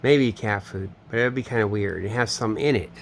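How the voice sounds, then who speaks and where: Guy with a lowish voice rambling a story, swears a lot, loses his thread, bit of hiss. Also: moderate pace, creaky. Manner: meandering, swears often, trails off and restarts. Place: home in Florida.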